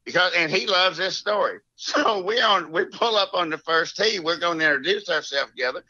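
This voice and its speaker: A middle-aged man from Alabama with a Southern accent, telling rambling, animated stories as a podcast guest. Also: sits high, fairly quick, no room sound, highs cut off. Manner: rambling, animated, drawling with frequent laughs and restarts. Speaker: guest, former mini-tour golfer. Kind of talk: casual storytelling.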